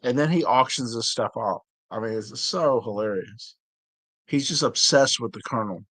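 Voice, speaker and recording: A man's voice: medium pitch, moderate pace, a bit bright, dry recording. A middle-aged man chatting beside his wife on a live stream from home, telling jokey stories. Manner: joking storyteller. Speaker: host's husband. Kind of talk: casual live-stream chat.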